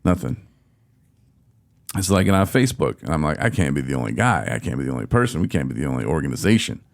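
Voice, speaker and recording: A man with a low, creaky voice talks fast while hosting a casual podcast chat. He tells a story with animated exasperation, acting out his own quotes along the way.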